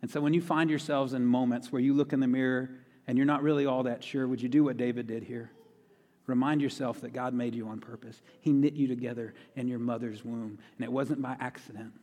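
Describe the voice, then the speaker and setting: A man's voice: mid-range voice, fairly even intonation, fairly quick, a little mellow. A man preaching a sermon in a conversational way, repeating key phrases for emphasis. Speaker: pastor. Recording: long reverb of a large hall.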